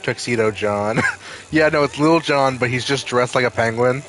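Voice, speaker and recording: A man's voice: medium pitch, moderate pace, music in the background, rough recording. A man chatting casually as he streams a game, rambling and joking and saying "like" a lot. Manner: rambling and jokey, leans on "like". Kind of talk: casual live-stream chatter while gaming.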